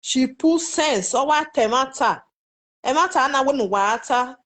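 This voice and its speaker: A woman with a Nigerian Pidgin accent and a slightly high voice talks straight to her online viewers. She is chatty and exclamatory, and her commentary stays loose and unscripted. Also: lively intonation, moderate pace, fairly bright tone. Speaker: social media commentator. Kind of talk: casual live commentary to viewers.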